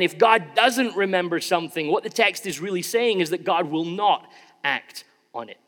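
A man delivers a sermon in a high, lively-pitched voice. He keeps it conversational, acting out everyday examples along the way. His words carry a long echo through a large church hall. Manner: conversational, acts out examples with shifting tone. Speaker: preacher.

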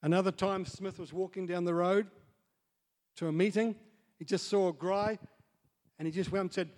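A man preaching a sermon as pastor, dropping to soft asides and building up to loud, excited storytelling. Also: sits high, moderate pace. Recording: long hall reverb.

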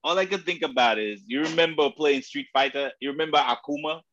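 A man co-hosting a sports podcast, chatting casually, hesitant and searching for words, quick to laugh. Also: fairly high pitch, a bit bright, dull audio. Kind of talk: casual football chat.

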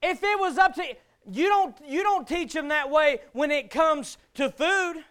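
A man preaching a sermon, building to shouts and firing rhetorical questions. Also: extremely high pitch, a little slow.

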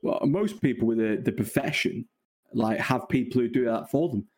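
Mancunian guy, self-deprecating, quick laughs, mid pitch, relaxed podcast chat. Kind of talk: casual chat.

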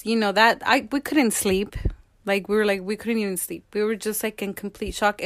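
A married woman telling a personal story as an interview guest, acting out quoted dialogue with animated voices. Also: mid-range voice, no room sound, studio quality. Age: adult, married.

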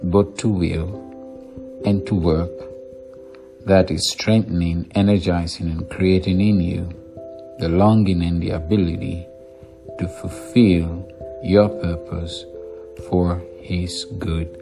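A man reads a scripture meditation in a very deep, unhurried voice, repeating each phrase with measured care. Instrumental music plays clearly behind him. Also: steady tone.

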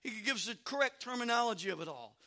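A male preacher with a very high, piercing voice and a gravelly edge. He moves between quiet, conversational asides and loud, shouted preaching. His delivery is bright and forceful throughout. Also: expressive, racing. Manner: conversational, repeats "I'm telling you". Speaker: pastor. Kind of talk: sermon.

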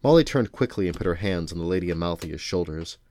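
A man reading a novel aloud to his children in a steady, unhurried way. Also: low-pitched, a little hiss or hum.

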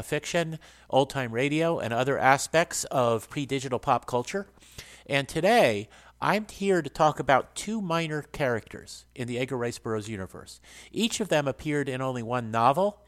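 A man's voice: mid-range voice, animated, normal speed. Earnest man talking about books. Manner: earnest, explanatory. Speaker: host. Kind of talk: casual book talk and reading aloud.

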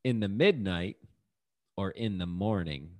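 A man's voice: low-pitched, unhurried. A man hosting a casual lyric quiz, reading out lines and answer options and laughing easily. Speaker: quiz host. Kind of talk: casual game chat.

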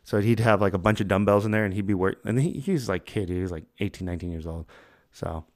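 A man's voice: lowish voice, quick pace. A man hosting a podcast, telling stories in a loose, chatty way with lots of fillers and laughs. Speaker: podcast host. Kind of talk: casual chat.

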